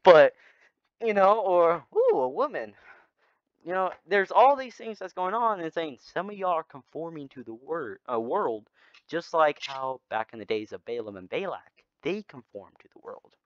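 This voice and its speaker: A young man leading an informal Bible study, retelling stories in a rambling, animated way. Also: fairly high pitch, normal speed, dry recording. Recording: slightly dull lo-fi sound.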